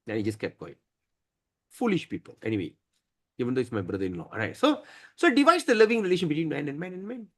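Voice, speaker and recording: A man teaching a devotional scripture class, emphatic and often clearing his throat. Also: a little high, big pitch swings, fast, fairly bright tone.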